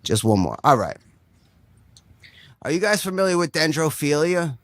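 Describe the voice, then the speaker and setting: A man's voice: a little high, very animated, moderate pace, a bit bright, no echo. A young adult man doing a rambling stand-up set full of swearing, checking in with "right?" over and over. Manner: rambling, swears constantly, says "right?" often. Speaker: stand-up comedian.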